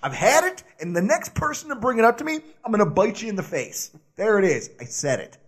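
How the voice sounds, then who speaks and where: A man co-hosting a sports podcast, ranting loudly and animatedly in casual chat. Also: high-pitched, very animated, fairly quick, slightly rough. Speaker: podcast co-host.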